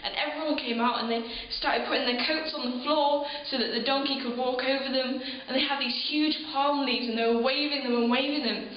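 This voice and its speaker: A woman plays an earnest townswoman eyewitness who pours out her memory in a high, emotional monologue. Her voice rings around a very echoey room, and the recording sounds dull with a faint hiss underneath. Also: fairly even intonation, a little fast, hardly any pauses, close to an everyday voice. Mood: wondering. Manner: earnest, emotional storytelling with breathy laughs and sighs. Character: ordinary townswoman recalling the crucifixion, earnest. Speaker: eyewitness in a church program video. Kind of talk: dramatic first-person monologue.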